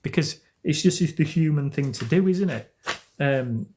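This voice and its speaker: A man's voice: on the high side, expressive, moderate pace, a little mellow. A man with an English accent hosting a casual live stream at home, talking earnestly and rambling with many restarts. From England. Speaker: host of a live stream on anxiety recovery.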